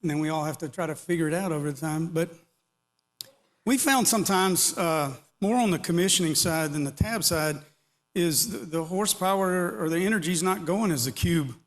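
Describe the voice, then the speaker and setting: A man's voice: a little high, normal speed. A middle-aged or older man giving a casual, rambling technical talk to an audience, with joking asides. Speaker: conference speaker. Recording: long hall reverb.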